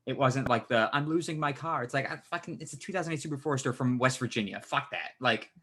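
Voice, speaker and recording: A man's voice: mid-range voice, fast talker. A man co-hosting a podcast, telling a story in casual chat and swearing a lot. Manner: swears a lot, animated retelling. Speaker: podcast co-host.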